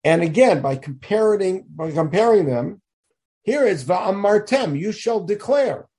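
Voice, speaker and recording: A man leads a text study lesson, talking with emphasis and throwing questions at his listeners. His voice sits high and swings widely in pitch. The tone is mellow and a little husky. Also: lively intonation, measured pace. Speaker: Torah teacher.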